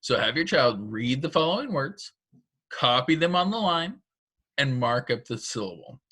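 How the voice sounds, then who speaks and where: A man teaches a recorded phonics lesson. He talks families through a worksheet one careful step at a time. His voice is bright, with a crisp, forward ring. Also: medium pitch, big pitch swings, normal speed. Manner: patient, step-by-step instructions.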